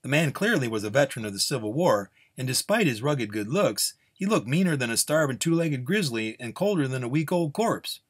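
A man reads a Western story aloud at an easy, unhurried pace. His voice sits at a middling pitch, with a plain storyteller's delivery. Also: very animated, slightly rough. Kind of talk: storytelling narration.

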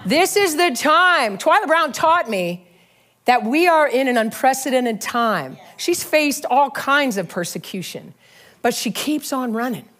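A middle-aged woman preaching a sermon, telling stories with laughter and animated energy. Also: sits high, a little slow. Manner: animated, storytelling, frequent laughs. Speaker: pastor.

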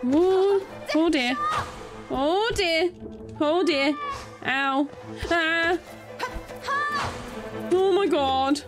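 A woman giving excited gameplay commentary, exclaiming and panicking as she plays. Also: very high voice, drawn-out words, pauses often. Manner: exclaiming, panicky, laughing often. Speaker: let's play streamer. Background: game music.

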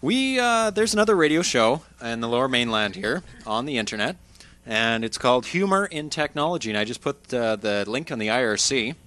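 A man's voice: mid-range voice, fairly quick. A man co-hosting an internet radio show in casual chat. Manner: relaxed, laughs, uses fillers.

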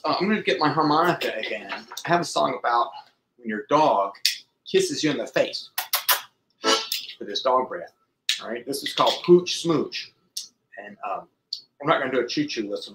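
A middle-aged man with a slightly scratchy throat, chatting playfully with children between sing-along songs. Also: medium pitch. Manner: chatty and playful, sings with guitar and harmonica. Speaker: children's musician. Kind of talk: sing-along music for kids. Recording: loud guitar backing.

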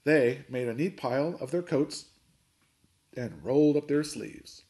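A man, a coach, reading a chapter book aloud with expressive storytelling narration. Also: mid-range voice, measured pace.

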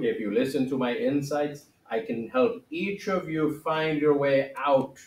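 A solemn ancient sage, put on by a man teaches in a wobbly foreign accent and broken grammar. His mid-pitched voice echoes around the room. It sounds as though it was picked up from a mic set some way off. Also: lightly acted. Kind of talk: playful in-character lesson. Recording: roomy echo, mic at a distance.

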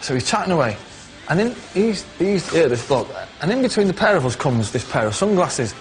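A man in middle age spins a story with a fairly high, wildly swinging voice. He drops into flat, low mimicry of the other people in it, with music underneath. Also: brisk, rough recording. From England. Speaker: interviewee, musician. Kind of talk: storytelling in an interview.

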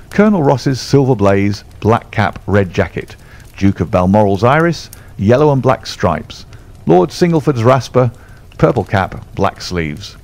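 A man reading a classic story aloud as an audiobook narrator, in an expressive, measured manner. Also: mid-range voice. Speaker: audiobook reader.

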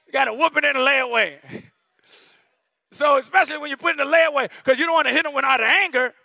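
A middle-aged man preaching a sermon in a church, animated and storytelling, rising at times to shouting. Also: very high voice, brisk, gravelly, pauses often, no room sound, studio quality. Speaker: bishop preaching. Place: church sanctuary.

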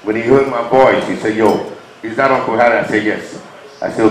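A Nigerian man telling his story to a live audience, impassioned, moving between loud urging and quiet, choked-up moments. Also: mid-range voice, a little fast, roomy sound, a little hiss or hum, low-quality recording. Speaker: performer speaking to an audience. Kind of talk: emotional testimony on stage.

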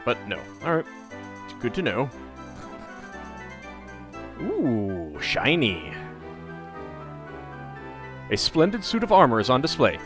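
A jokey man hosting a casual game playthrough, his voice jumping around a lot as he reads out item pickups with excited bursts. Faint game music plays under him. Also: mid-range voice. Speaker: let's play host.

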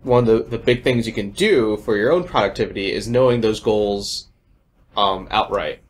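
A man's voice: on the low side, normal speed. A young man hosting a podcast in casual chat, joking and wandering off on tangents. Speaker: podcast host.

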